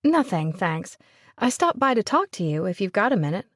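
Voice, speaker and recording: A woman's voice: medium pitch, sing-song, moderate pace, a bit bright, no echo, studio quality. A woman narrator voicing a polite, hesitant young woman who is short of money. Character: worried, hard-up young pregnant woman.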